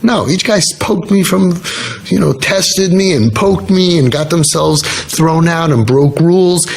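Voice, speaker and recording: A middle-aged man giving a casual talk on parenting, telling stories in an animated way and repeating key lines for emphasis. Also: on the high side, measured pace, creaky. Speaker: speaker on parenting and youth work.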